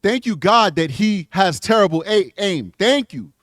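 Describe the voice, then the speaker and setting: Man, blunt reaction commentary, high-pitched, dry close sound. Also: lively intonation, a little slow, fairly bright tone, no room sound. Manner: blunt, emphatic, talks back to the clip. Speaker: true crime commentator.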